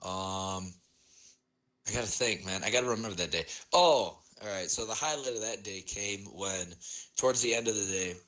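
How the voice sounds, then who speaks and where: A young man with a Midwestern American accent rambles through a laid-back podcast chat and laughs easily. His voice sits a little low but sounds bright and forward. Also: normal speed, poor audio. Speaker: podcast co-host. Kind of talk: casual chat.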